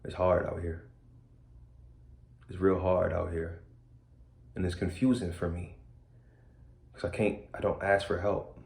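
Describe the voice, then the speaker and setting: Gravelly, low-voiced man talking bluntly. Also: flat delivery, measured pace, pauses often, a little mellow. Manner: blunt, streetwise, repeats key phrases. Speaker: speaker sharing his story. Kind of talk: candid personal talk. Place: indoors, a room in a borrowed house.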